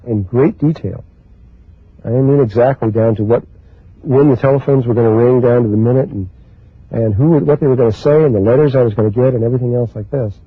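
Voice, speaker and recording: A man speaks at a middle pitch with a husky, breathy edge, giving a spiritual talk. He moves slowly and haltingly through his thoughts. The sound is dry and thin, like it came down a phone line. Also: no echo. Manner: slow, halting, with many pauses and restarts. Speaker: spiritual teacher.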